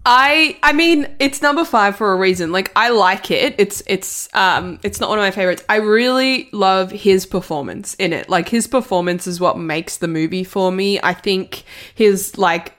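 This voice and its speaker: A woman's voice: mid-range voice, normal speed, hardly any pauses, a bit bright. A woman from Italy chats as a guest on a podcast. She gushes freely and fills her talk with "like". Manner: gushing, lots of "like". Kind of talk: casual chat.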